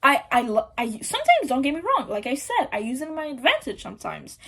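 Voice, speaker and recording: Chatty woman podcaster, slightly high voice. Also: wildly swooping pitch, fast talker, few pauses, fairly bright tone. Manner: chatty, exasperated, swearing, many fillers. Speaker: podcast host. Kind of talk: casual storytime monologue.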